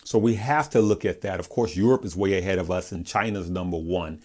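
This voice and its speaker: A man with a fairly low voice talks through stocks in a casual, chatty way. He keeps checking in with his viewers and restarts his phrases as he goes. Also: a little fast, darkish tone. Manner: chatty, often checking in with "all right?" and "okay?"; conversational, with frequent restarts. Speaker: stock market video host. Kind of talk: casual video commentary.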